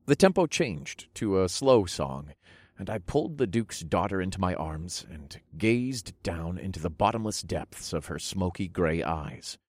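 Expressive low-voiced male audiobook narrator. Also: measured pace, no room sound, studio quality. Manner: expressive storytelling, softening for intimate moments. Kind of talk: first-person fantasy audiobook narration.

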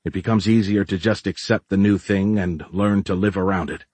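A weary, resigned man who works with tech, read by a male narrator, musing aloud in a tired way. His voice is low and husky. The recording is close and dry. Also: fairly even intonation, moderate pace, a little mellow, no echo.

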